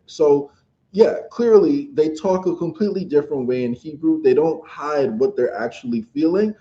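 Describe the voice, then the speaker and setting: A man's voice: a little high, moderate pace, warm tone, muffled recording. A man co-hosting a political podcast, talking casually and rambling with lots of fillers. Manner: rambling, many fillers like "like" and "you know". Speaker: podcast co-host.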